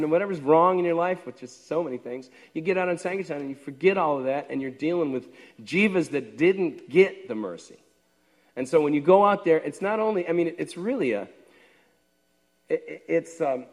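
60s guy telling his story, bit higher voice, long echo in a big hall. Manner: lively storyteller who acts out the other people's lines. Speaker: devotee sharing his story. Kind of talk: personal storytelling talk.

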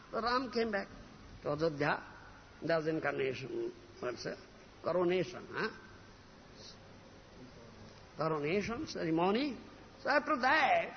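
A man giving a sermon that retells a scripture story, often checking his listeners with a questioning "huh?", heard in a reverberant hall on a dull lo-fi recording with a faint hum. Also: high-pitched. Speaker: preacher.

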